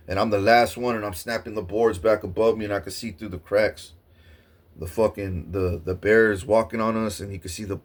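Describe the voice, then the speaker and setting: A man vlogger telling a story in a casual, rambling and excitable way, swearing often. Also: fairly low pitch.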